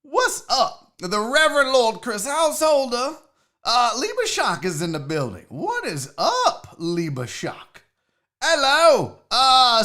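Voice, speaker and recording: A man hosting a sports stream in a loose, chatty way, swearing freely and shouting out viewers one after another. His voice sits high for a man. The tone is bright and forward. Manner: loose and profane, greeting chat members by name. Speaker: sports show host. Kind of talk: casual livestream chat.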